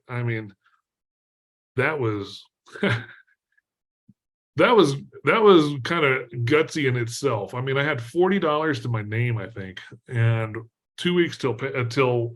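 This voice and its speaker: A middle-aged man from Texas, a podcast guest telling a story in a lively way, laughing often and using lots of fillers. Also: medium pitch. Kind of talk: storytelling in an interview.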